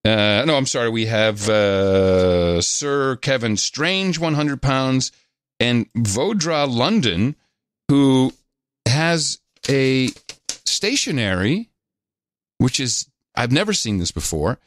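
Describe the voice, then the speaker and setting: A man hosting a podcast, reading out listener donations and notes in a casual, halting way with many filler pauses. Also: medium pitch, very animated, dry recording, clean studio sound. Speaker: podcast host.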